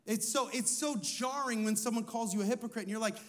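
High-voiced man preaching a sermon. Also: fairly quick. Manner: conversational preaching, asks the audience questions; tells personal stories. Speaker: lead pastor.

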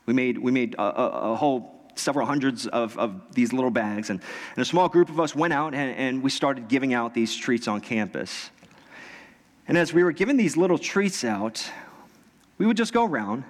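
A male pastor preaching a sermon. He shifts between casual storytelling, bursts of loud excited emphasis, and slow, repeated exhortations. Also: a little high. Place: church sanctuary. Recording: long reverb from a church hall.

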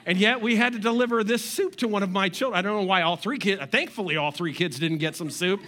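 A high, bright male voice preaching to his congregation. He is a middle-aged pastor who keeps things animated, slipping in joking asides and putting on voices for the people he quotes. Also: fast, hardly any pauses. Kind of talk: sermon.

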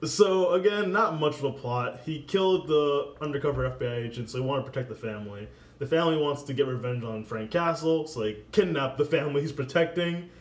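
A man's voice: on the high side, fairly quick, roomy sound. A man co-hosting a casual movie podcast, recapping the plot with frequent laughs. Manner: laughs often, animated recapping. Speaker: podcast co-host.

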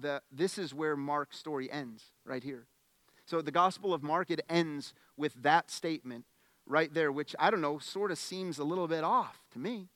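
High-voiced earnest man preaching. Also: no room sound. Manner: repeats opening words, stammered restarts, emphatic and earnest; swings between hushed lines and loud emphatic ones. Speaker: pastor. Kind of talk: sermon.

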